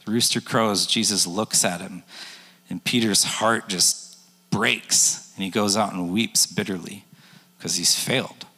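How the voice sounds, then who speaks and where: A man's voice: on the low side, steady tone, unhurried, pushed and bright, slightly rough. A man in his forties preaching a sermon in a casual, joking way and acting out the people in his story. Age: 40s. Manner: conversational, jokey, acts out quotes. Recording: long echo of a large hall.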